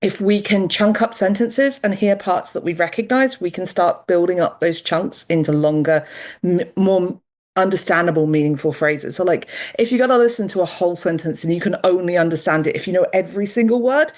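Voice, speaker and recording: A woman's voice: on the low side, a little fast, a little mellow. Woman researcher, upbeat explainer, guest on a talk show. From United Kingdom. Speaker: dog behavior researcher. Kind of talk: remote interview guest.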